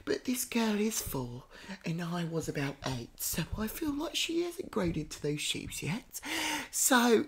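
A woman hosting a comedy podcast, playing a psychic with theatrical calls and hushed whispers. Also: fairly low pitch, sing-song, measured pace, soft background music. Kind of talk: improvised comedy psychic reading.

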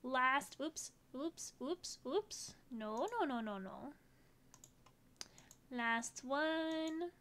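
A woman's voice: high-pitched, lively intonation, takes it slowly, few pauses, sharp tone, slight background noise. A woman chatting casually over a game as she plays, bubbly and talkative. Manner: bubbly, chatty, talks to the game and her dogs. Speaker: gaming YouTuber. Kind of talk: casual gameplay commentary.

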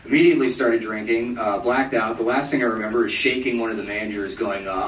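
A man's voice: on the low side, fast talker, few pauses, distant mic. Stand-up man in a roomy club bootleg. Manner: deadpan, self-mocking, acts out voices of people in the story. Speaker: stand-up comedian. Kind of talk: stand-up storytelling. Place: live music club stage. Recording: roomy crowd bootleg from afar, noisy. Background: audience laughter.

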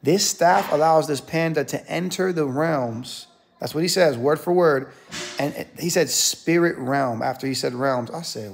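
A pastor in his thirties tells a story straight to camera, with a gravelly edge running through his voice. He wanders off on asides full of fillers and restarts. He turns indignant as the story goes on. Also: fairly high pitch, normal speed. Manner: rambling, full of "you know" and restarts, growing indignant.

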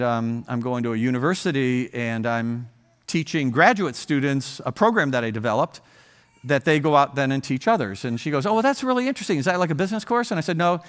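A man's voice: mid-range voice, a bit bright. A man in his sixties from Ohio, a guest speaker telling a story in a humorous sermon, with joking asides to the audience. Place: church auditorium.

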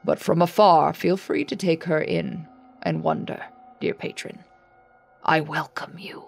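A woman voicing a dead male museum tour guide who speaks slowly and formally, in a hushed tone over an intercom. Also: fairly low pitch, fairly even intonation, creaky, slightly rough, soft background music, exaggerated voice. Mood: eerie.

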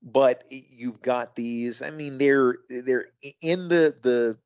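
A man talks wrestling on a podcast, casual and thoughtful, often restarting his sentences before landing an emphatic point. His voice sits at a middle pitch. The recording is dry and close, with a dull, lo-fi sound. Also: takes it slowly, a little mellow, smooth, no room sound. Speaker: podcast co-host.

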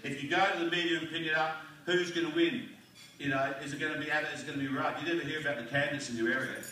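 A man's voice: a little high, steady tone, racing, bright, forceful tone, a little hiss or hum. Fired-up Australian man in an echoey hall. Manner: fired-up, blunt, rhetorical questions, mild swearing. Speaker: speaker at a community forum. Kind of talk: rousing political speech. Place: community hall. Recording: echoey hall recorded from far off.

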